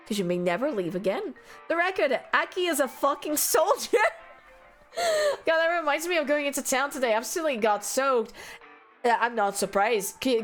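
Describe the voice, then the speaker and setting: A young woman with a French accent chats on her live stream in a high, bright-toned voice, swearing freely and calling out her chat by name. She tells stories in animated bursts, with soft music playing underneath. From France. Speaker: streamer and artist.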